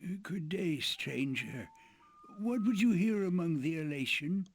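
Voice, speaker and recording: An actor playing a helpful, wrinkly old winged man in a video game, speaking in a husky, hesitant way. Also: on the high side, expressive, measured pace.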